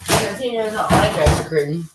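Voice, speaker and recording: A woman's voice: mid-range voice, moderate pace, very noisy. An American woman chatting casually on a live stream, swearing freely and talking straight to her viewers. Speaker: vlogger.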